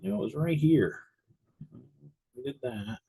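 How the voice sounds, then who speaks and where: A man's voice: medium pitch, lively intonation, takes it slowly, gravelly, warm tone, husky, rough recording. A middle-aged man, a little winded, teaching an insurance exam class on a livestream in a chatty, rambling, self-deprecating way at his desk mic.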